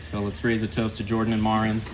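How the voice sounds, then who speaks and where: A man's voice: fairly low pitch, completely flat delivery, fast, a little hiss or hum, poor audio. Man in his forties giving a best man toast. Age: 40s. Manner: heartfelt, jokey, laughs often. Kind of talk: wedding toast. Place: wedding reception.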